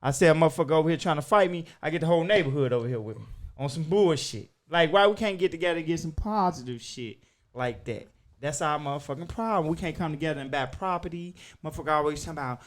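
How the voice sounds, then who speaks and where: A man hosting a podcast, talking in a loud, emphatic, profane way that swings between shouting and muttering. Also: fairly high pitch, fast. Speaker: podcast host. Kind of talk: casual chat.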